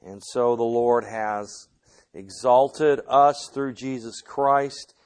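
A man teaching the Bible at an unhurried, deliberate pace, his voice sitting at an ordinary middle pitch. He speaks in a measured way, often pausing on small filler sounds as he gathers his points. He is teaching a lesson in a classroom with a board. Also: a little mellow.

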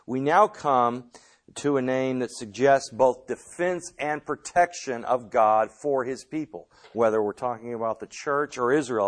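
A man teaching a Bible study lesson in a classroom with a board, speaking in a measured way and often pausing with filler sounds. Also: mid-range voice.

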